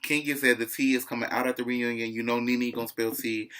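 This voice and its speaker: Man, gossipy casual recap, chatty, mid-pitched voice. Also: flat delivery, a little fast, a bit bright. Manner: chatty and gossipy, keeps saying "child". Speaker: reality TV recap vlogger.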